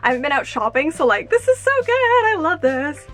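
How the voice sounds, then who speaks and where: A young woman unboxing earrings at home, gushing and excitable, exclaiming often. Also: high voice, brisk, faint music behind. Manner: gushing, excitable, fillers like "oh my gosh". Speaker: YouTuber. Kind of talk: unboxing vlog.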